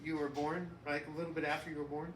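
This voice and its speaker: A middle-aged man co-hosting a casual podcast as the father, rambling and profane, breaking into loud mocking rants. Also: a little high, little pitch movement, fast, background noise. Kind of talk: casual chat. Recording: echoey room, distant mic.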